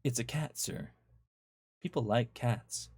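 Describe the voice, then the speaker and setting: A man's voice: mid-range voice, slow pace, darkish tone, husky, dry recording, clean studio sound. A man voicing a polite, offhand shop vendor.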